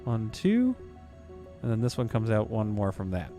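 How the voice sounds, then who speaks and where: A man's voice: fairly low pitch, big pitch swings, moderate pace, warm tone, soft background music. A man casually talking through a game on a live stream, reading viewer comments aloud. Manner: casual, chatty, reads chat aloud.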